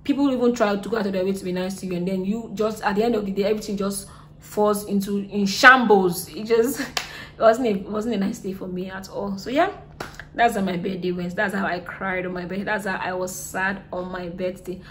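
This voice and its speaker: A young woman with a Nigerian accent telling a storytime vlog, chatty, repeating herself and drifting soft and subdued. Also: medium pitch, steady tone, fairly quick, a little hiss or hum. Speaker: vlogger.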